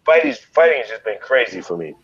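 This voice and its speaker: A man from Chicago telling a wild story in an interview, profane and animated, leaping into loud quoted voices. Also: fairly low pitch, quick pace, muffled recording, a loud crowd. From Chicago, USA. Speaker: guest, fighter.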